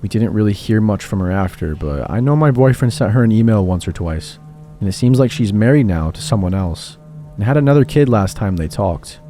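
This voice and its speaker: A man giving a scripted narration of horror stories in a measured, steady reading. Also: fairly low pitch. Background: faint background music.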